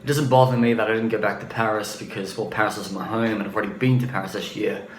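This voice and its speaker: A man's voice: fairly low pitch, steady tone, fast, reverberant, slight background noise, poor audio. A young man from Australia talking bluntly in a casual travel vlog, ranting and often restarting his sentences. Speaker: travel vlogger.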